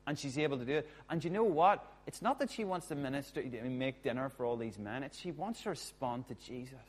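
A man preaching a sermon as a pastor, chatty and jokey with quick asides. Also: medium pitch, animated, slight background noise.

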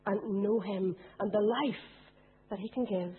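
A woman's voice: mid-range voice, steady tone, unhurried, husky. A woman preaching a sermon, putting questions to her congregation. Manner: asks the congregation rhetorical questions. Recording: tinny phone-like sound.

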